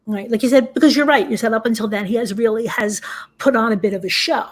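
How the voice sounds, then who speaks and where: Husky-voiced woman hosting a podcast. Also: on the high side, fast talker. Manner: chatty, agreeable, many "right"s. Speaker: podcast host. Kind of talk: casual podcast discussion.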